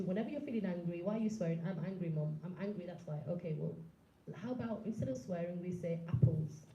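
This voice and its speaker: A woman's voice: mid-range voice, warm tone, slight background noise. A woman in her thirties giving a public talk, speaking earnestly and directly, putting questions to the audience. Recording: echoey room, slightly dull sound.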